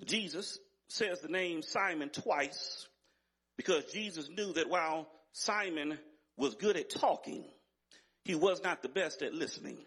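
A man's voice: on the high side, unhurried, a bit bright, husky. A man preaching a sermon as pastor, emphatic and building in intensity, with repeated phrases.

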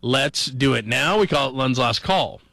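A man's voice: medium pitch, lively intonation, normal speed, noisy background. A man hosting a late-night sports radio show in a rambling, joking, chatty way. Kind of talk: casual radio talk.

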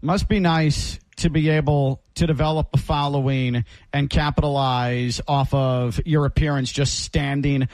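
A man's voice: medium pitch, fairly even intonation, measured pace, darkish tone, no echo, rough recording. A man co-hosting a sports talk show, giving blunt, skeptical opinions in casual chat. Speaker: sports radio co-host.

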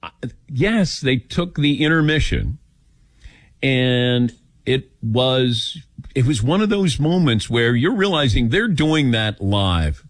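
An older man hosts a call-in radio show, with a voice that swings widely in pitch as he tells stories and acts out what people said. His sound is close and dry, with no room around it. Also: takes it slowly, no echo. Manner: animated storytelling, acts out quotes. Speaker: radio talk show host.

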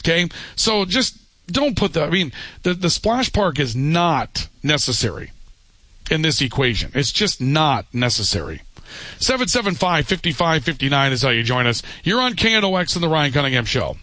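Male radio talk host, bright forceful voice, dry close sound, emphatic, opinionated, call-in show. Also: on the high side, sing-song, normal speed, dry recording. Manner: opinionated, emphatic, repeats points.

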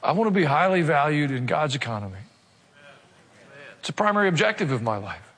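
A man preaching a sermon as pastor, earnestly asking his congregation rhetorical questions and slowing down to stress key points. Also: fairly high pitch, lively intonation, fairly bright tone, in a large hall. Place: church sanctuary.

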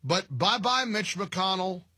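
A middle-aged man hosting a talk radio show, mocking and animated, laughing at his own jokes. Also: high voice, slow, slightly rough, no echo, studio quality. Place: radio studio.

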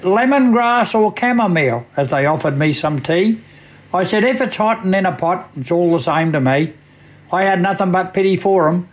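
A man with an Australian accent recites a comic bush poem in a high voice for radio. He tells it in a dry, drawling storyteller's way. His voice sits well above most men's. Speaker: radio poet.

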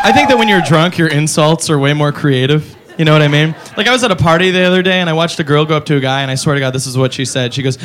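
A man doing a stand-up comedy routine on a club stage, animated and slipping into silly voices. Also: a little high, fast, few pauses. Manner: animated, jumps into silly voices for his bits. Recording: noisy live club recording with crowd.

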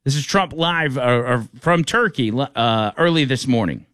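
Rambling talk show host, dry sound. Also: male voice, medium pitch, expressive, unhurried, a bit bright, no room sound. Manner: rambling, frequent restarts. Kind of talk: casual radio talk show.

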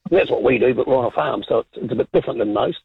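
A man's voice: mid-range voice, expressive, racing, creaky, slightly rough, dry recording. A man calling a talkback radio show by phone, rambling and repeating his words. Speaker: caller. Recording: dull lo-fi phone line.

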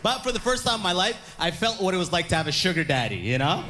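Young man in his stand-up set, a fairly high voice, animated delivery with quoted characters. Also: fast, over a noisy crowd, heavy background noise. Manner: animated, acts out quoted voices, laughs through lines. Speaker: stand-up comedian.

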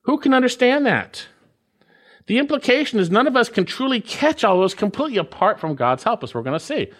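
Emphatic preacher man with lively pitch. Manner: emphatic, repeats key phrases, swoops between slow stresses and quick asides. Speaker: pastor. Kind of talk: expository sermon.

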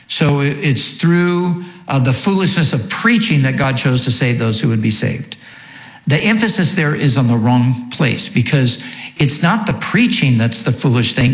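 A man's voice: on the high side, fairly bright tone. A man giving a sermon as a preacher, teaching by asking questions and then answering them. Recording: echoey room.

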